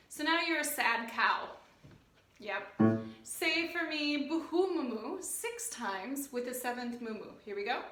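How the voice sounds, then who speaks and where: A woman choir director leading a playful vocal warm-up at home, encouraging the singers. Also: high-pitched, expressive, a little slow, echoey room. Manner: encouraging, playful, sings example phrases. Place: home room, rain outside.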